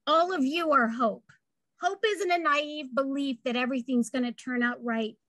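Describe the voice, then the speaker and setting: A woman's voice: high-pitched, normal speed, fairly bright tone. A woman telling a personal family story and making an earnest advocacy speech at a town hall. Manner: earnest, heartfelt, building to rallying calls.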